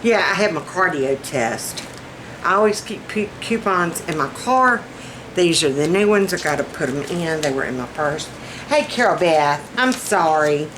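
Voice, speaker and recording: A woman's voice: deep voice, lively intonation, normal speed, noisy background. A woman with a Southern US accent chatting to camera in a folksy, exclaiming way as a vlogger. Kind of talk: casual chat to camera.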